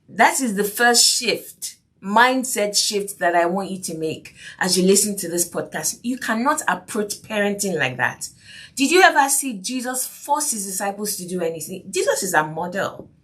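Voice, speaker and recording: A woman's voice: medium pitch, expressive, moderate pace, a bit bright. A woman hosting a faith-based parenting podcast, earnest and repetitive, often asking if you see what she means. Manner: earnest, repeats key phrases, asks "do you see what I mean?". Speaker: podcast host.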